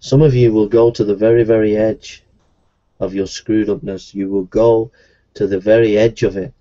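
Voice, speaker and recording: A man's voice: on the low side, steady tone, normal speed, mellow, muffled recording. A man preaching a sermon in an earnest, repetitive evangelistic style.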